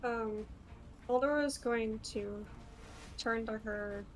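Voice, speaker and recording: A woman playing a tabletop role-playing game, speaking hesitantly with pauses and ums. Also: fairly high pitch, rough recording. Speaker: player.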